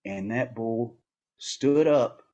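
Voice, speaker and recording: A man, a podcast guest and hunting outfitter, telling stories in a lively, animated way and often repeating words. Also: medium pitch, drawn-out words, dull audio. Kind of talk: casual storytelling conversation.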